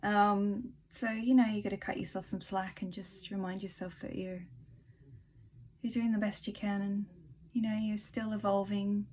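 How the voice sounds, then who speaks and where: A woman talking casually in a spiritual vlog, soft-spoken and rambling, laughing often and reading a short piece aloud. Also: mid-range voice, level tone, normal speed, slight background noise. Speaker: spiritual vlogger.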